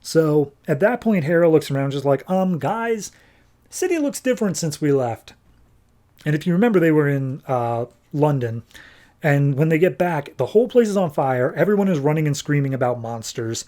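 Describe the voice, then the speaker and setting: A man's voice: fairly high pitch, animated, fairly quick, mellow. Chatty man recapping comics. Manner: loose, chatty retelling with fillers like "like". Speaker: podcast host. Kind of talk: casual comic book recap.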